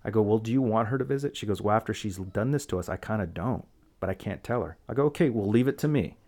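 Lower-voiced man telling a heated story. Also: fast. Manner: animated storyteller, acts out quoted dialogue. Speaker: guest telling a personal story. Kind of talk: casual chat.

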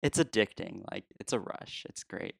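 A man co-hosting a podcast in loose, rambling casual chat, laughing often. His voice sits low with a gravelly fry. The sound is dry and close. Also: lively intonation, normal speed, dry recording. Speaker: podcast co-host.

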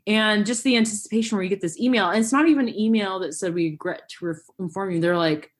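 A woman's voice: medium pitch, fast talker. A woman hosting a podcast in casual chat, telling stories animatedly with lots of fillers. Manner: animated storyteller, many "like" and "um" fillers. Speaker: podcast host.

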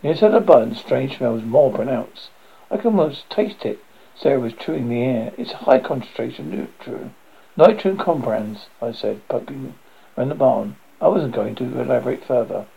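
Guy reading his own book, gravelly husky voice, swoops all over, muffled lo-fi sound. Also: medium pitch, moderate pace. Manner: lively, theatrical reading with sudden loud exclamations. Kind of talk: first-person storybook narration. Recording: dull lo-fi audiobook recording.

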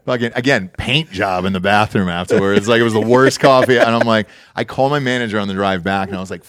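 A man's voice: lowish voice, quick pace, hardly any pauses, dry recording, clean studio sound. A man telling a long, profane story in a casual podcast chat, acting out the people in it. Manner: animated, profane, acts out quoted people. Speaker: podcast host.

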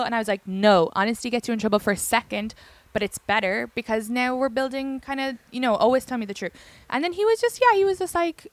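Irish comedian in her twenties or thirties, quick chatty delivery, close dry mic. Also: a little high, dry recording. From Ireland. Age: young adult. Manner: animated storytelling, swearing, acting out quotes. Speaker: comedian guest. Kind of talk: casual podcast chat.

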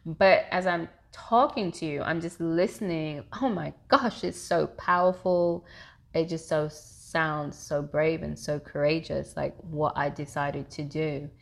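A woman, a therapist talking openly as a podcast guest, animated and laughing often. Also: deep voice, unhurried, creaky. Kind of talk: casual podcast interview.

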